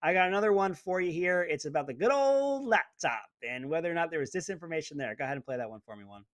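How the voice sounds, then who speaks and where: Indignant high-voiced talk host. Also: male voice, animated, fast talker, dry recording. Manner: indignant, sarcastic rant. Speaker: radio talk show host. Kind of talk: opinionated talk radio monologue.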